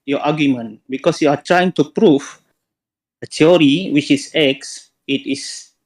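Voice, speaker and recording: A male caller on a debate stream keeps pressing his question and builds his argument step by step. He talks in an insistent, measured way. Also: a little high.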